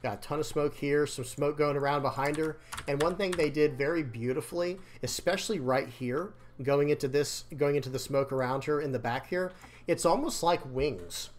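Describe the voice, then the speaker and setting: A man's voice: on the high side, moderate pace, slight background noise. A man giving casual, rambling commentary on card game decks and art, repeating words and talking to viewers, his throat dry and voice slightly strained. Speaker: card game content creator. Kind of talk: casual commentary over screen.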